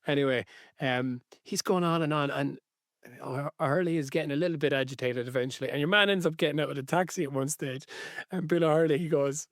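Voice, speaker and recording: A man's voice: on the high side, dry recording, studio quality. An Irish man co-hosting a podcast in casual chat, rambling through anecdotes and laughing mid-sentence. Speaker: podcast co-host.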